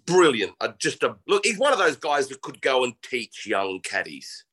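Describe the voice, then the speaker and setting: Bright lively-voiced man, dry humor. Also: medium pitch, normal speed, slightly rough. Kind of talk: casual chat.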